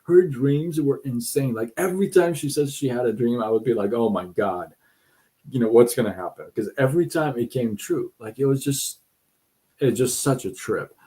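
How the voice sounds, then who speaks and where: At a moderate pace and with a mellow, medium-pitched voice, a middle-aged livestream host shares a personal story casually. He drifts and repeats himself, performing other people's lines in their voices.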